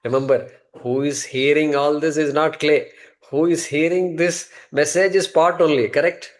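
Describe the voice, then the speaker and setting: A man's voice: a little high, fairly even intonation, moderate pace. A man teaching a scripture class, conversational and repeating key terms as he explains. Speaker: Vedanta teacher.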